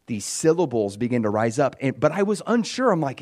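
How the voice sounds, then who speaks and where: A man giving a spoken testimony from the pulpit, casual and storytelling in tone. His voice sits in a middle range for a man. He moves between soft, hushed passages and bright, raised bursts of enthusiasm. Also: medium pitch, brisk, hardly any pauses. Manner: storytelling, swings from hushed near-whisper to loud and excited. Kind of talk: testimony sermon.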